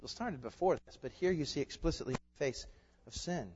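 A man preaching with a somewhat high voice, emphatic and full of rhetorical questions. He swings from forceful declarations to quiet, hushed asides. The sound is dull and lo-fi, with a long reverb trailing in a large hall. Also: animated, a little fast. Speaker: pastor. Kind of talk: sermon.

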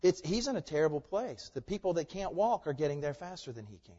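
A man preaching a sermon in a voice a little higher than most men's. He drops into quiet, chatty asides, then builds to loud, forceful declarations. The sound is somewhat muffled, with a long reverb tail trailing off in a large sanctuary. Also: very animated, fast talker. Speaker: pastor.

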